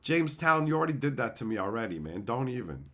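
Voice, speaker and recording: Animated, foul-mouthed male streamer. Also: mid-range voice, fast talker. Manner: profane, animated and openly emotional. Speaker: live streamer. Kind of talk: casual live-stream chat with viewers.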